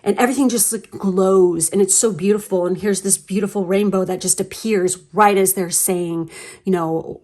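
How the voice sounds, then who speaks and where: A woman's voice: lowish voice, steady tone, moderate pace, darkish tone. A woman giving a casual pick-a-card tarot reading, chatty and rambling, gushing with lots of fillers and the odd swear word. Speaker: tarot reader.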